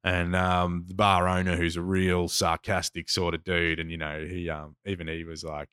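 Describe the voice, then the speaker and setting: A man's voice: deep voice, level tone, normal speed, fairly bright tone, clean tone, no room sound, studio quality. A man with an Australian accent telling a story in casual chat, blunt and rambling, swearing often.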